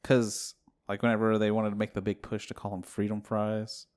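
Wry, dry-humored man in casual podcast talk, slightly low voice. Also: monotone, moderate pace, a little mellow. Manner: wry, dry, laughs easily. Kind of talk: casual chat.

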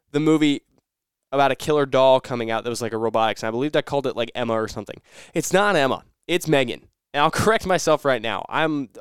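A young man chats on his own podcast in a loose, rambling way, doubling back to correct himself as he goes. His voice is remarkably smooth and clean. The sound is dry and close, with no room around it. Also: medium pitch, dry recording. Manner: rambling, self-correcting storyteller. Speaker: podcast host. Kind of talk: casual solo podcast chat.

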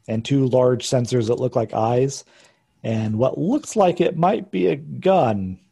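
A man narrating a tabletop game as game master, calmly describing scenes and patiently explaining rules. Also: medium pitch, slow, vocal fry, breathy edge.

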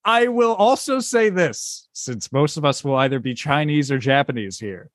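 A man's voice: a little high, very animated, measured pace, fairly bright tone, no echo, studio quality. A man hosting a casual podcast, rambling through the setup of an improv game with fillers and laughs. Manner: rambling, laughs between phrases, lots of fillers. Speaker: host. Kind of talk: casual podcast chat, setting up improv skits.

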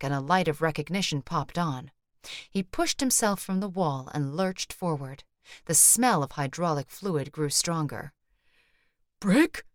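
In a low-pitched voice, a woman reads a scripted audiobook narration. Her storytelling is measured and even. The recording is dry, with no room sound at all.

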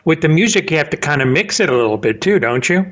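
A man's voice: a little high, expressive, fast talker, a bit bright. A man hosting a podcast interview, chatty, repeating himself and interjecting often. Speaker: podcast host. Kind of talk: casual interview talk.

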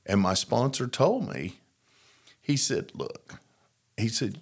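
A middle-aged man telling his recovery story to an interviewer, plainspoken and reflective, pausing often with fillers. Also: mid-range voice, very animated, husky. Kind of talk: testimony in an interview.

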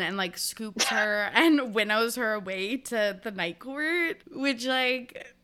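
A woman's voice: mid-range voice, slow, bright, forceful tone, clear, resonant tone. A young woman co-hosting a podcast, chatting casually through a book recap and acting out characters' lines with lots of "like". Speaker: podcast co-host.

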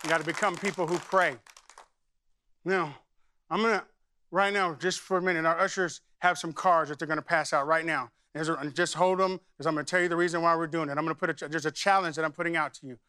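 A man's voice: a little high, steady tone, quick pace, sharp tone, clear, resonant tone, no echo, clean studio sound. A man who is a senior pastor, preaching a sermon in a church and moving from conversational storytelling into fervent spoken prayer. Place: church sanctuary.

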